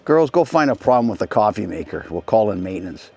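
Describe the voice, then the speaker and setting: A man's voice: on the low side, big pitch swings, quick pace, gravelly, a little mellow, breathy edge, full character voice. A man voicing an offhand airline pilot who brushes off the idea of flying. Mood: dismissive. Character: reluctant, dismissive male airline pilot.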